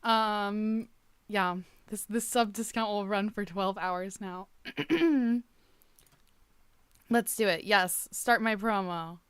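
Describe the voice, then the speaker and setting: A woman's voice: medium pitch, takes it slowly, smooth, no room sound. A woman streaming a game, chatting casually and playfully with her chat and laughing often. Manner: playful and giggly, greets chat warmly. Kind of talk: casual live-stream chat while gaming.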